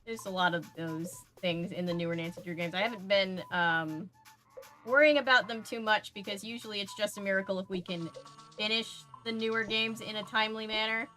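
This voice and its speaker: A woman's voice: mid-range voice, fairly quick, sharp tone, soft background music. A young woman chatting casually to her viewers while she plays a video game, talking back to the game as she goes. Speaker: game streamer. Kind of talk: casual gameplay commentary.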